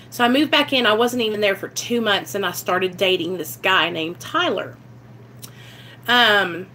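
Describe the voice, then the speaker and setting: Blunt, bright-voiced young woman vlogger. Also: mid-range voice, slight background noise. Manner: blunt, candid, swears freely. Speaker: vlogger sharing her recovery story. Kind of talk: casual storytelling to camera.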